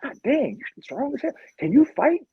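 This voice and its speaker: A man's voice: very high-pitched, big pitch swings, moderate pace, gravelly, no room sound, lo-fi sound, pitched above the performer's own voice, heavily acted. A man voicing a streetwise male drug dealer who recruits muscle, talking in coaxing street slang.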